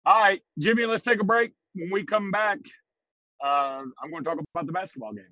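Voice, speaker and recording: A man's voice: high-pitched, a little fast, pushed and bright, dry recording, muffled recording. A man co-hosting a podcast in casual chat, self-deprecating and laughing often. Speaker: podcast co-host.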